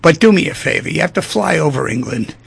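A man voicing a wounded English pilot held captive, earnest and bargaining, in a gravelly, husky voice. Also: a little high, lively intonation, quick pace, no echo, exaggerated voice.

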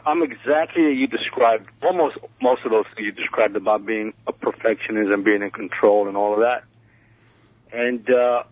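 A man calling in to a radio show, speaking hesitantly with many pauses and restarts as he confides. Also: fairly low pitch, no echo. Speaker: radio caller. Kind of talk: phone-in conversation. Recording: tinny phone line on radio.

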